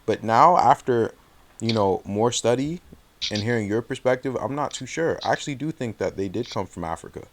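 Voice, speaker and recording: A man's voice: medium pitch, expressive, fairly quick, a little hiss or hum. A man hosting a casual interview, laying out his points thoughtfully and checking that the other man follows. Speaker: host.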